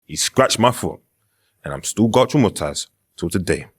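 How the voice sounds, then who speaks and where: A man in his thirties with a very deep, low voice talks as a dating show contestant. He stretches out his stories with heavy drama. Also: expressive, slightly rough. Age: 30s. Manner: drawn-out, dramatic storytelling.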